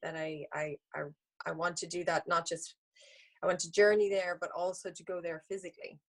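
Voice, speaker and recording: A woman with an Irish accent, speaking hesitantly with many pauses and fillers from a tablet on a video call. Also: on the low side, flat delivery, rough recording. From Ireland. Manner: hesitant, many ums and uhs. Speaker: class participant. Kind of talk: casual group video call.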